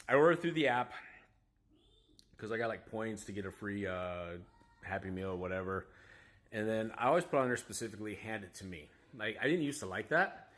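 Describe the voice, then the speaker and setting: A man's voice: on the low side, lively intonation, moderate pace, pauses often, a bit bright. A man, a father, casually telling a story to camera in a rambling, self-critical way, full of restarts and asides. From United States. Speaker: vlogger, father.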